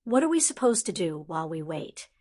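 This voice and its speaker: A woman's voice: lowish voice, sing-song, brisk, warm tone. Woman voicing an easygoing teenage boy, wry, storybook reading.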